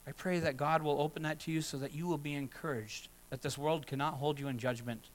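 A man's voice: fairly high pitch, fairly even intonation, a little fast, rough recording. A middle-aged man preaching a sermon as pastor, earnest and conversational, with short acted asides.

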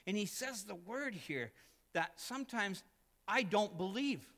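A man's voice: sits high, expressive, a little slow, creaky. Dynamic male pastor preaching in a reverberant church. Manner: dynamic preaching, swinging from loud emphatic peaks to hushed asides. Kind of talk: sermon. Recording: long reverb of a church hall.

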